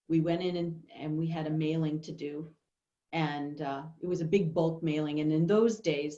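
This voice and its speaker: Slow, mellow woman telling a story. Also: fairly low pitch. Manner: unhurried, thoughtful, with many pauses and fillers. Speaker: workshop speaker. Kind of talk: storytelling talk. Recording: dull, echoey room recording.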